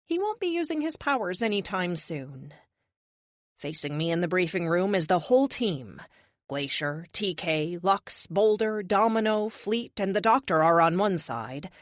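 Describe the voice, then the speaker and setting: Woman audiobook narrator, first-person superhero novel, brisk and wry, lively, dry studio read. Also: lowish voice, no echo.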